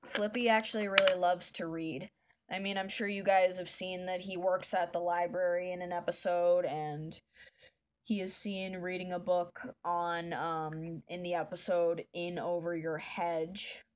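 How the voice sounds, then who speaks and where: A woman's voice: fairly low pitch, level tone, unhurried. A woman chatting casually while drawing a comic, rambling and often restarting her sentences. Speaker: artist drawing a fan comic.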